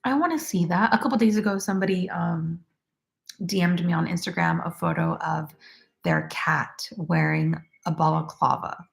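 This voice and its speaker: A woman's voice: lowish voice, normal speed, gravelly. A woman in her twenties chatting casually on a crochet livestream, reading out viewer comments and talking loosely with lots of "like". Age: 20s. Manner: chatty, uses "like" often, laughs easily.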